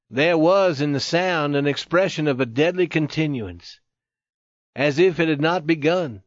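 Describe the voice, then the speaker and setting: A man narrating a story in a steady, measured reading. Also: on the high side, no echo, dull audio. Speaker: audiobook narrator. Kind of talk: scripted narration.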